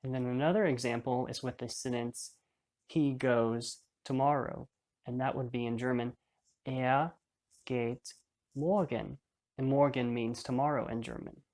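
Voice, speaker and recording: Man, language teacher, middle pitch, patient step-by-step explanation, lesson delivery. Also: steady tone, normal speed, a little mellow.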